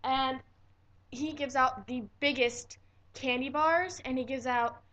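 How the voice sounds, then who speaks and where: A teenage girl telling a story in a casual vlog, animated and dramatic and swearing freely. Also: sits high, takes it slowly, highs cut off. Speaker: vlogger.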